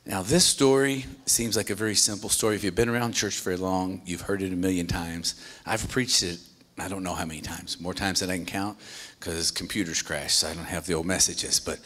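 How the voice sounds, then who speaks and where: A male pastor preaching a sermon in an animated, conversational way, with joking asides. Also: low-pitched, a little fast.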